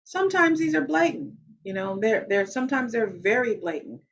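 Measured, emphatic woman explaining to camera. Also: on the high side, expressive, creaky, a bit bright. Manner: measured and emphatic, repeats key phrases, addresses the viewer directly. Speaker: channel host. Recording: slightly dull lo-fi sound.

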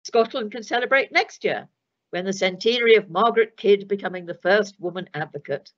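An older woman, a retired judge giving a formal lecture in a measured, precise way with dry wit. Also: mid-range voice. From England. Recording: dull lo-fi recording.

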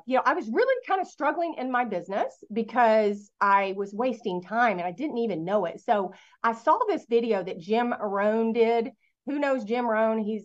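A woman's voice: fairly high pitch, fairly bright tone, lo-fi sound. A middle-aged woman, telling her business story to an audience and asking them questions in a motivational talk. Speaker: network marketing speaker.

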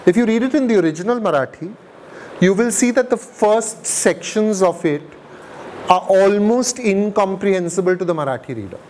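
A man's voice: high-pitched, darkish tone, slight background noise. A man giving an informal university talk on translation, chatty and wry, with self-mocking asides. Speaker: guest speaker on translation. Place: lecture event.

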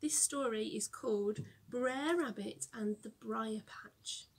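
A young woman teacher reading a storybook aloud to children, gently explaining words along the way. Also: a little high, takes it slowly, slightly rough.

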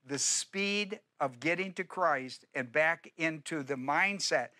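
A man's voice: on the high side, slow, sharp tone. A middle-aged male pastor preaching a sermon in an emphatic, repetitive style, often asking the congregation questions.

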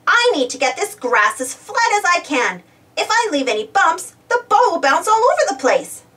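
A woman puts on a careful male steamroller from a storybook, steady and earnest. Her voice stays high and lively, a little away from the mic. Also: moderate pace, distant mic, exaggerated voice.

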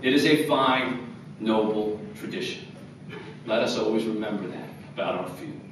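A man's voice: lowish voice, normal speed, noisy background. A man in his fifties giving an earnest award acceptance speech with wry humor. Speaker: award recipient. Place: large hotel ballroom. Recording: echoey ballroom from far off.

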